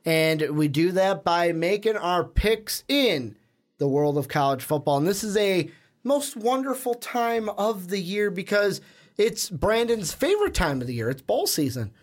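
A young man co-hosts a casual sports podcast in a high-pitched, sing-song, unhurried voice. He talks in a rambling, chatty way and frequently corrects himself.

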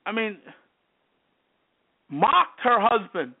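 This male sports talk host speaks in a high, sing-song voice, very slowly, with a creaky, breathy edge. His worked-up, emphatic commentary circles back to the same phrases repeatedly, and the sound is tinny, like a phone line.

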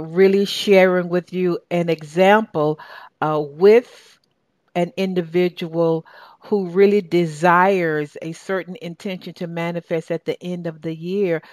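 A woman's voice: on the low side, no room sound. Upbeat Southern woman hosting radio. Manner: enthusiastic, lively, with frequent fillers. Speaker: talk radio host and success coach. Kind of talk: upbeat radio show monologue.

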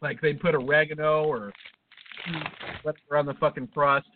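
A man with a high voice talks casually on a podcast, telling a loose story full of swearing. The sound is thin and tinny, like it came through a phone line. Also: fairly even intonation, moderate pace, a little hiss or hum. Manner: profane, rambling storyteller. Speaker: podcast co-host. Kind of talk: casual chat.

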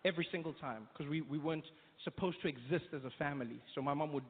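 A man with a South African accent doing stand-up comedy in animated storytelling, in tinny phone-like audio from an echoey hall. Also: a little high. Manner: animated storytelling, quick impressions.

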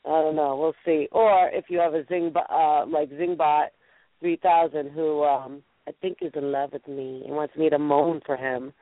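Speaking at a moderate pace in a low, steady voice, this New England radio host chats casually, playful and full of fillers as she rambles. The sound is a dry, tinny phone line with no room sound.

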